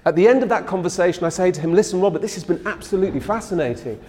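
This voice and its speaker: A man's voice: high-pitched, rapid-fire, darkish tone, long reverb tail. A man giving a public lecture in a conversational, storytelling way, acting out the people he quotes.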